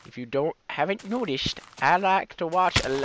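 A man's voice: a little high, moderate pace, fairly bright tone, slight background noise. A man doing goofy, rambling Let's Play commentary, breaking into whiny mock-crying outbursts. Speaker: gamer, channel host.

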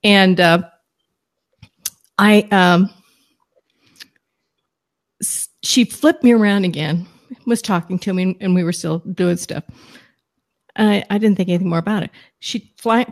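A middle-aged woman, a guest psychic medium, telling a story in an animated, excitable, rambling way on a talk show. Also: on the low side, moderate pace, pauses often, no echo, studio quality.

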